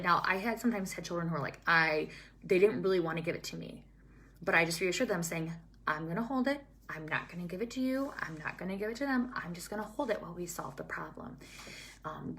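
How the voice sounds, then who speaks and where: A young woman, a childhood teacher calmly explaining steps to colleagues. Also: lowish voice. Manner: calm, steady, explains step by step. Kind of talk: scripted-feeling teaching talk to staff.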